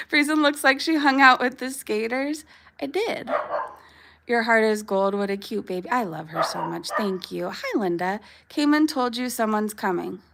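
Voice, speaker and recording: Out in the backyard, this woman vlogger in her thirties chats casually on a livestream, talking to both her dog and viewers with frequent laughter. She has a fairly high, creaky voice with a fairly bright tone.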